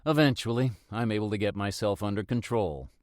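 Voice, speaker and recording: A man narrating a first-person mystery audiobook in a steady, reflective manner. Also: lowish voice, a little fast, no echo, studio quality.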